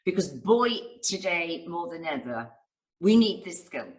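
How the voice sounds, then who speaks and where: A success coach appearing as a guest speaker answers interview questions, telling stories enthusiastically and acting out quotes. Her voice is fairly low, very animated, and unhurried, and the recording is rough.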